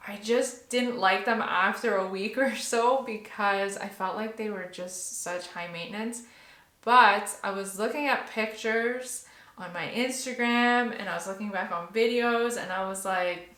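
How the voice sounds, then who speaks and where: A woman's voice: mid-range voice, normal speed, sharp tone, reverberant. A young woman hosting a casual hair tutorial vlog, talking in a chatty, nervous way with lots of fillers. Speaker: beauty vlogger.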